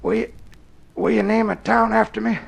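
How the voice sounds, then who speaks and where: A man's voice: high voice, fairly even intonation, moderate pace, exaggerated voice. A man playing a grizzled old pioneer on a wagon train in a comedy record sketch, with a folksy backwoods drawl. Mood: dying. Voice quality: gravelly.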